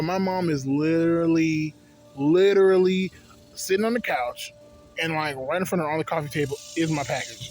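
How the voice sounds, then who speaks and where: Profane rambling young man, higher voice. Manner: profane, rambling, digressive storytelling. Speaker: vlogger reviewing a vape. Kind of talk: casual rambling product review.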